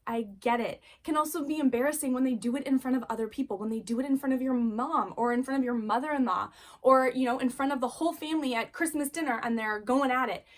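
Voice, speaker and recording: A woman's voice: high-pitched, fast. A woman, a mother of young children, giving a casual spoken lesson on parenting in an earnest, encouraging way and repeating key phrases. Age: adult parent. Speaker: parenting course teacher.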